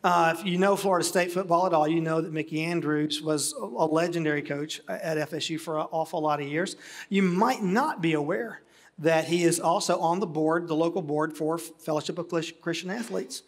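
A pastor interviewing a guest on a church stage, asking questions in an encouraging, conversational way. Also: male voice, a little high, fairly even intonation, a little fast.

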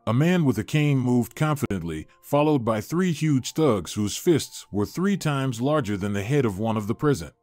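Lively man narrating a story. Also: mid-range voice, normal speed, few pauses, no room sound. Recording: dry studio voice-over with faint music.

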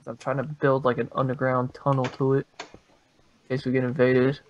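A man's voice: medium pitch, monotone, normal speed, dull audio. A young man talking casually during a game, crude and swearing often, with a joking tone. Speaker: Let's Play gamer. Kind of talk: casual gaming chat.

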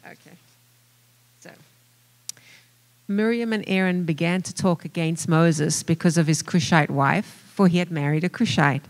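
South African accent, congregant reading scripture, steady careful delivery, dry close sound. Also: mid-range voice, a little slow, long pauses, dry recording, rough recording. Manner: steady, careful reading with small self-corrections.

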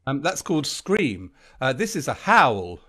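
A man's voice: mid-range voice, big pitch swings, a little slow. A man co-hosting a children's sing-along livestream, playful and eager in his banter. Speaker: co-host and singer.

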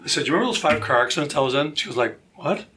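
A man sharing his personal testimony as a talk show guest, animated and acting out the voices of the people in his stories. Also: fairly high pitch, racing. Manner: animated, acts out quoted voices. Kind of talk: storytelling testimony.

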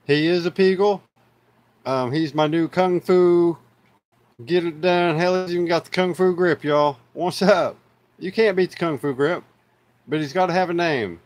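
An unhurried man with a fairly high voice and an Oklahoma accent runs a casual live stream. His chatter is laid-back and rambling, studded with fillers, and he refers to his viewers as "y'all."

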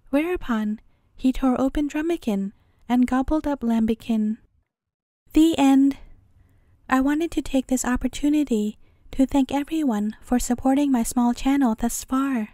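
A woman reads a fairy tale aloud as a bedtime story, gentle and even in her delivery. Her voice is high and warm-toned, and it sounds close and dry with no room around it. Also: normal speed, dry recording.

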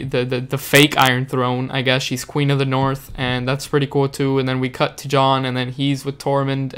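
A man's voice: medium pitch, a bit bright, clean tone. A man giving a frustrated, swearing, dejected rant in a casual video review, sounding upset. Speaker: show reviewer.

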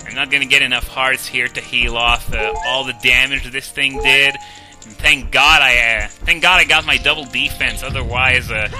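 A man's voice: mid-range voice, poor audio. A young man giving casual gameplay commentary, chatty and self-deprecating, with frequent "uh"s and "um"s. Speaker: let's play commentator. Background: video game music.

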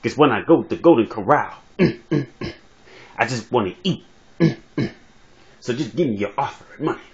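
A man voicing a slow, greedy male preacher who hums between drawn-out phrases. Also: mid-range voice, expressive, natural voice. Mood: preaching. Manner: drawn-out preaching broken by humming "mm". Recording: dull lo-fi phone recording.

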